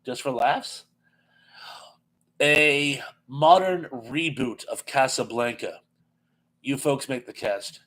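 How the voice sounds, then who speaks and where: A man's voice: mid-range voice, slow, long pauses, fairly bright tone, rough recording. Chatty man hosting a live chat. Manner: chatty, laughs easily, reads comments aloud with many fillers. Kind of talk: casual live-stream chat reading viewer comments.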